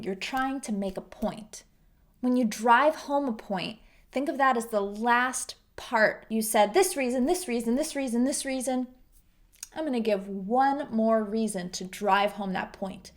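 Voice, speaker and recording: A woman teaching English idioms to learners, explaining each phrase patiently and clearly and acting out example lines. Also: a little high.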